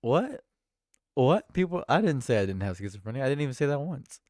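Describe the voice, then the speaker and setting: A man chatting casually on a livestream, animated and laughing often, swinging between loud high bursts and low mutters. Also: fairly quick, no room sound, clean studio sound. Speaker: livestream streamer.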